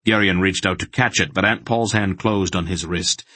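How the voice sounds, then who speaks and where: A man narrating a fantasy audiobook in a dramatic, measured storytelling manner. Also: deep voice, pushed and bright, no echo.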